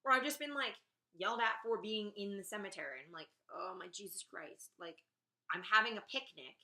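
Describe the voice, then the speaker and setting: A woman's voice: medium pitch, brisk, bright, forceful tone. A young woman vlogging a casual rant, exasperated and sarcastic, swearing freely.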